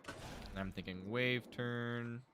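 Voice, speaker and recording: A man's voice: medium pitch, fairly even intonation, slow pace, background noise. A young man streaming a building game, casually thinking aloud and mumbling to himself as he works. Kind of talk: casual live gameplay commentary.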